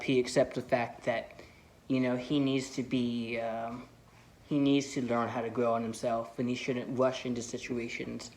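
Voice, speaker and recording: A man talking through film theories in a loose, unscripted vlog. He rambles, circling back with "like" and "you know" as he thinks aloud. He sounds like an eager fan at an ordinary middle pitch. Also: a little mellow. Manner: enthusiastic fan. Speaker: film vlogger. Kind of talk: casual movie commentary.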